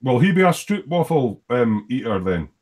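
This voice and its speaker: A man's voice: mid-range voice, sing-song, normal speed, darkish tone, slight background noise. Jokey Edinburgh-accented male host. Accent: Edinburgh Scottish. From Scotland. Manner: jokey and rambling, with teasing asides. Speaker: host of a live online hangout. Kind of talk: casual chat, reading viewer comments aloud.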